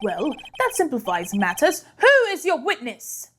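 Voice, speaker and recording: A stern old male judge, acted by a woman, booming and formal as he keeps order. The voice rises high and swings widely in pitch. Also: huge pitch swings, unhurried, a bit bright, a little hiss or hum, heavily acted.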